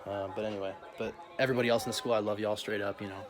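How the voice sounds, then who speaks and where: A man's voice: fairly low pitch, flat delivery, very fast. A young man vlogging a casual, profane rant full of slang, often laughing as he talks.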